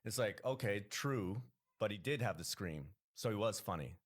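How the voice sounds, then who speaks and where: A man's voice: lowish voice, expressive, normal speed. A Canadian man, a comedian, talking casually as a podcast guest, rambling with many restarts.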